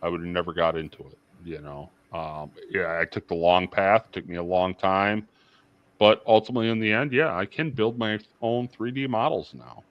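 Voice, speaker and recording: A man's voice: low voice, moderate pace, highs cut off. A middle-aged man chatting casually as a livestream guest, rambling with lots of fillers and restarts.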